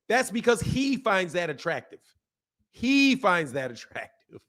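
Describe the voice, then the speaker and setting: A man in his forties hosting a channel, talking in an animated, repetitive casual rant and laughing often. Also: sits high, a little slow. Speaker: boxing channel host.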